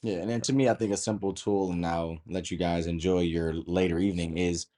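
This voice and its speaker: A man hosting a life coaching talk, giving calm, measured advice. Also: low-pitched.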